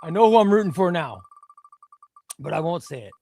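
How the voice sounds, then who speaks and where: A man hosting a live stream, chatting casually and bursting into loud exclamations before dropping to quiet muttering. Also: on the high side, a little fast, vocal fry. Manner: excitable, shouts names then drops to muttering.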